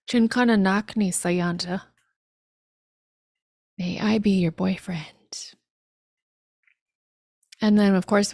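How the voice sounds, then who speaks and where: A woman teaching an online language lesson, sounding out phrases slowly and carefully with light laughs between tries. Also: mid-range voice, vocal fry, dry recording, clean studio sound. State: frog in her throat.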